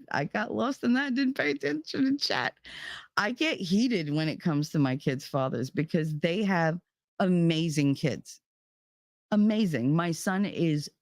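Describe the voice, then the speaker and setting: A middle-aged woman chats on a live stream from home, getting heated and cursing freely as she talks. Her voice sits low, and the sound is dry, with no room echo. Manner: heated, profane storytelling. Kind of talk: casual chat.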